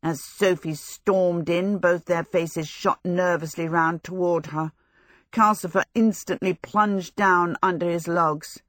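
A woman reading a storybook aloud as narrator, in a measured, expressive storytelling manner. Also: fairly low pitch, dry recording, studio quality. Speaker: audiobook narrator.

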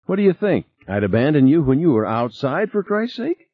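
A man's voice: very animated, a little fast, husky, no echo. A man voicing a cool, self-assured woman scientist in a raised, breezy voice, on a slightly dull recording. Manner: breezy, raised voice, put-on female pitch.

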